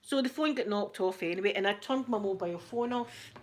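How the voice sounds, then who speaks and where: A middle-aged Scottish woman hosting her channel, chatting through a story in a lively, indignant way. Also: mid-range voice, fairly quick. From Scotland. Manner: animated, indignant retelling full of "I says". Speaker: channel host. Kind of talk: casual storytelling chat.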